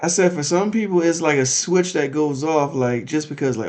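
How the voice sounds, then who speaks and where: A man's voice: on the high side, normal speed, darkish tone. A young adult man co-hosting a marriage podcast, chatting casually with slangy, teasing banter. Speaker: podcast co-host. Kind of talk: casual chat.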